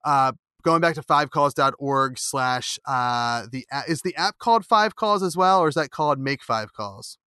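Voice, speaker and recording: A man's voice: mid-range voice, animated, normal speed, few pauses, pushed and bright, clear, resonant tone, no echo, clean studio sound. A man with a Philadelphia accent hosting a casual interview, rambling with many fillers and restarts, with a slightly nasal O. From Philadelphia area. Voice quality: nasal O vowel. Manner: rambling, many fillers and restarts, laughs while telling stories. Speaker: podcast host.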